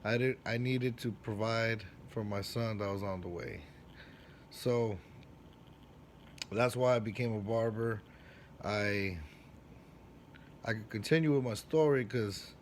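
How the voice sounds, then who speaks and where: A man who works as a barber, casually telling a personal story in street slang, with profanity and lively acted-out quotes. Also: takes it slowly, long pauses, a little hiss or hum. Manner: animated, acts out quoted lines with big jumps in pitch and loudness.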